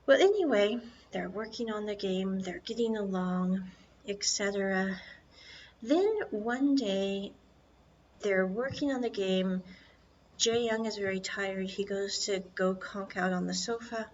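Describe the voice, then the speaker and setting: A woman hosting a podcast, retelling a film's plot in a chatty, lively way with personal asides. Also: medium pitch, unhurried, lo-fi sound, slight background noise. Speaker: podcast host. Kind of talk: casual film recap.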